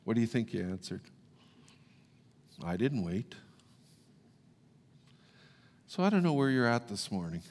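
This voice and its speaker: A man pastor preaching and then leading an earnest, halting prayer to his congregation. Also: mid-range voice. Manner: earnest, pleading prayer with repeated halting words. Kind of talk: sermon and closing prayer. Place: church sanctuary. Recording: long reverb of a church hall.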